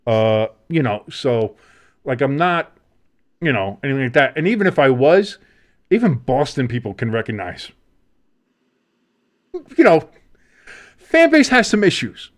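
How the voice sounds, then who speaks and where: A man in a mid-range voice chats loosely on a sports podcast, peppering his talk with swearing and fillers. His pitch swings widely as he rambles from point to point. The delivery is casual and unpolished. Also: sing-song, unhurried, pauses often. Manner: profane, rambling, heavy fillers. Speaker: podcast co-host.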